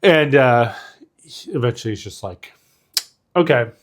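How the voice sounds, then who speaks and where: A man with a mid-range voice and a moderate pace co-hosts a podcast, recapping a film scene in casual chat. He uses lots of fillers and quotes lines from the movie.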